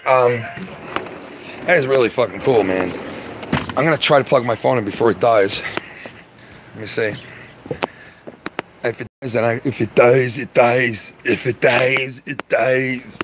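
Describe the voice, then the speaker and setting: A man chatting loosely with viewers on a live stream from his garage, excitable and profane, laughing often and stumbling over words. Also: mid-range voice, unhurried, pauses often, noisy background. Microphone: phone.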